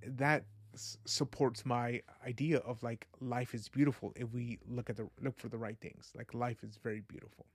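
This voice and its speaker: This is a man hosting his own podcast, his medium-pitched voice captured cleanly in a studio without echo. Reflective and guided by faith, he rambles earnestly through a casual monologue, leaning often on "you know" and "like."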